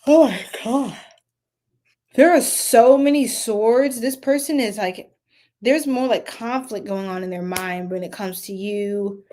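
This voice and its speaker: A woman's voice: medium pitch, fairly even intonation, measured pace, dark tone. A young woman giving a casual live tarot reading, chatty and giggly, talking to viewers in the chat. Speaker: tarot reader.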